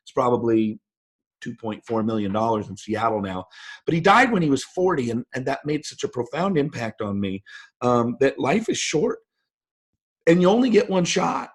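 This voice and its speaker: Man, 50s, husky voice, emphatic storyteller, motivational interview guest. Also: mid-range voice, expressive, moderate pace. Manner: emphatic storyteller, voice jumps up for quoted lines. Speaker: guest speaker.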